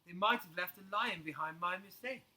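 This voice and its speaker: A man's voice: high-pitched, a little fast, sharp tone, low-quality recording. A man voicing a polite, earnest young male bear in a children's storybook reading.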